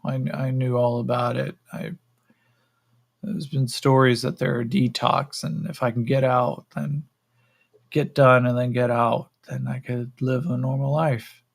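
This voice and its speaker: A man's voice: medium pitch, flat delivery, unhurried, creaky. A man voicing a naive, meek young human juicer who talks hesitantly and eagerly. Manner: hesitant, eager to please, trailing ums.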